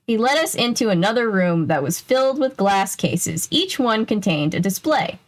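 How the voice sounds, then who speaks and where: A woman's voice: medium pitch, expressive, normal speed, few pauses. A young woman casually reading a children's mystery book aloud, breaking off for jokey, wry asides.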